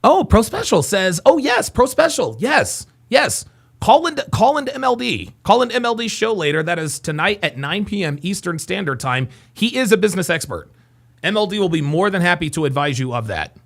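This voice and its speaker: Guy hosting a live stream, reading super chats, voice all over the place, kinda gravelly. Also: sits high, a little fast. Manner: animated, voice rising often, excitable; incredulous, exasperated reactions. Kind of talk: reaction stream commentary.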